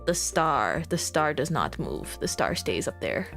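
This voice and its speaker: A woman's voice: deep voice, sing-song, normal speed, hardly any pauses, fairly bright tone. A woman streaming from home, chatting casually to her viewers in a bubbly, giggly way that rambles from one thing to the next. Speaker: VTuber streamer. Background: faint background music.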